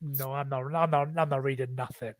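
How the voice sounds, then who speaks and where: A man's voice: mid-range voice, fairly even intonation, fairly quick, a crowd in the background. A man with a Welsh accent, the guest author in a casual online chat, talking candidly with many restarts.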